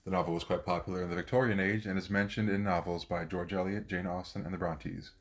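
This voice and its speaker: Low-voiced man hosting a poetry podcast. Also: quick pace. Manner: relaxed, thinking out loud with fillers. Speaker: podcast host. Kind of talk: casual chat and poetry reading.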